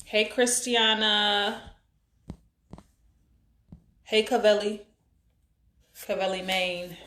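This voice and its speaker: A woman around forty hosts a live stream in an echoey room, greeting viewers and reading their comments in casual chat. Her medium-pitched voice is steady and fairly bright, and her talk rambles and halts with plenty of fillers.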